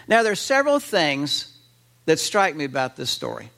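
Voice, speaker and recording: Lively, high-voiced male preacher. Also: normal speed. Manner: animated, with many fillers and restarts. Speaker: pastor. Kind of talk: sermon.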